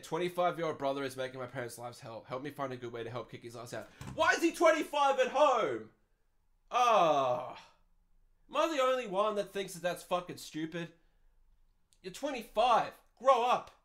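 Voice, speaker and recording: A young Australian man hosting a podcast, answering listener questions in a blunt, profane rant. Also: a little high. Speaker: podcast host. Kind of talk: ranting advice podcast.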